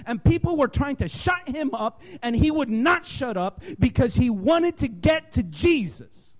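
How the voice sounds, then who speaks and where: Male preacher, sermon delivery, very high voice, swooping animated intonation, impassioned. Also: normal speed, hardly any pauses. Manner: impassioned, emphatic, building to shouts.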